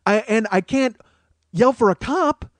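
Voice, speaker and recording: A man's voice: extremely high pitch, lively intonation, measured pace, no echo. A man hosting a podcast, telling a rambling, profane comic story that gets more and more worked up. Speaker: podcast host. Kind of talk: comedic storytelling monologue.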